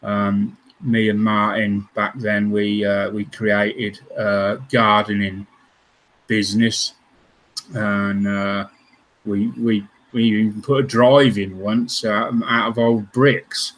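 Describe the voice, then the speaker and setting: With a fairly low, level, slightly bright voice, this scale modelling channel host takes his time on a low-quality recording. His livestream storytelling about his past is rambling and hesitant, full of ums and restarts.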